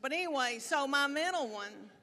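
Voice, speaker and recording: A middle-aged woman with a drawl tells homey, self-deprecating stories from a big stage, her voice sitting a touch high. The room gives a long, live reverb with a faint hum of ambience behind her. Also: animated, normal speed, bright, forceful tone. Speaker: stand-up comedian. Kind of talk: stand-up comedy set. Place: large theater stage with audience.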